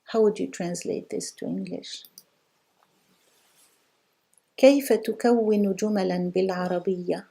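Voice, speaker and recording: A middle-aged woman leads a live online language class. Her voice is mellow and dark-toned, with a pitch that sits in the middle. She repeats each question slowly and patiently and rewards students with steady praise. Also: vocal fry, slightly rough. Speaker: language teacher.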